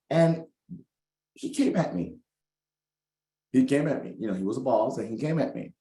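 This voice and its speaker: A middle-aged man, a spiritual coach, giving a tarot reading with animated, preachy storytelling and calling listeners baby. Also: mid-range voice, normal speed. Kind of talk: casual tarot reading monologue. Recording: echoey room.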